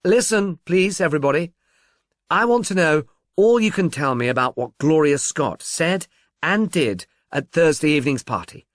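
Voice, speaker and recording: A man's voice: medium pitch, very animated, moderate pace, no room sound, clean studio sound. A man doing a friendly police inspector. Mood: friendly confiding. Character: friendly, confiding middle-aged police inspector.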